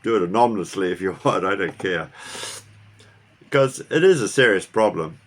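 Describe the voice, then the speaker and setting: A middle-aged man talks casually to his camera in a fairly low voice. He rambles, restarts his sentences and keeps asking his viewers questions. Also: expressive, normal speed. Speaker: car vlogger. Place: New Zealand.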